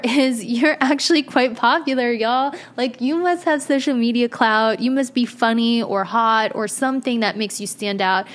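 A young woman doing a casual tarot reading to camera, chatty, blunt and slangy, swearing now and then. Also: on the high side. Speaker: tarot reader.

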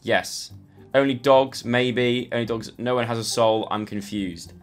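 A man's voice: mid-range voice, fairly even intonation, a little slow. A young man chatting and thinking aloud as he plays through online quizzes for his channel. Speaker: YouTuber. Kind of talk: casual commentary playing online quizzes.

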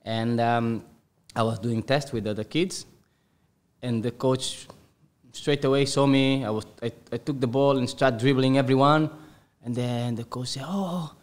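A man, a podcast guest telling a childhood football story in halting English with many self-corrections. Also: mid-range voice, fairly even intonation, clean tone. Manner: halting non-native English, lots of self-repair. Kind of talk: casual storytelling.

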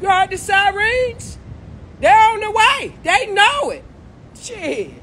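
A woman's voice: very high-pitched, sing-song, slow pace, a bit bright, slight background noise, poor audio. A woman ranting profanely and confrontationally on a late-night phone livestream. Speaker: social media personality.

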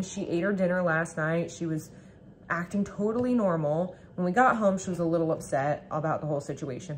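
A woman's voice: on the low side, slight background noise. Chatty woman vlogging from home. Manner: chatty, rambling, full of "like". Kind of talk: casual vlog chat. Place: home kitchen.

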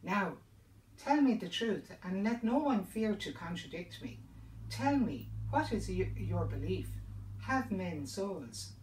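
A woman's voice: low voice, animated, normal speed, a little mellow, slight background noise. A woman storyteller voicing a proud, learned male priest who grows desperate, talking in pleading, panicky bursts. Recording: roomy sound from a distant mic.

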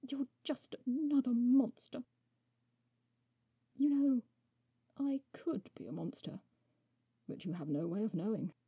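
A woman's voice: mid-range voice, very animated, unhurried, pauses often, warm tone, husky, dull audio, exaggerated voice. A woman voicing a frightened but defiant young woman taken captive, speaking sharply in a storybook reading.

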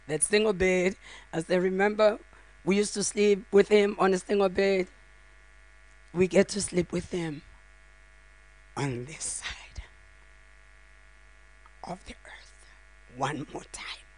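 A woman's voice: mid-range voice, dry recording. A middle-aged woman, a grieving mother, delivering a heartfelt funeral eulogy in short, broken phrases. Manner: heartfelt, speaks directly to the mourners.

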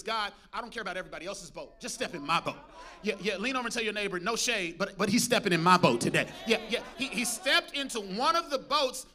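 A man preaching a lively sermon as pastor, calling out to the congregation and joking between points. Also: high voice. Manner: preachy call-and-response with congregation, humorous asides. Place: church.

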